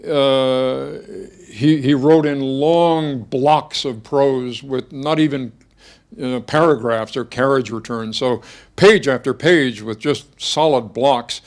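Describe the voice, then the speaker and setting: An older man giving a reflective masterclass talk, thoughtful and halting, with frequent restarts and fillers as he searches for words. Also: mid-range voice. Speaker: guest speaker giving a masterclass. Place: lecture hall before an audience.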